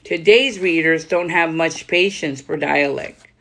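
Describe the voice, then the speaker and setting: Low, fairly bright, and a little slow, the woman's voice reads aloud from a book on writing. As a podcast host, she pauses the reading for casual comments.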